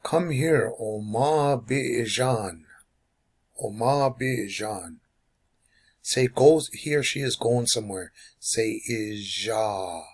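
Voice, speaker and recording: A man's voice: fairly low pitch, breathy edge. A man teaching language phrases, call and response, who repeats each phrase for learners to say back. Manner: slow, drilling repetition of phrases.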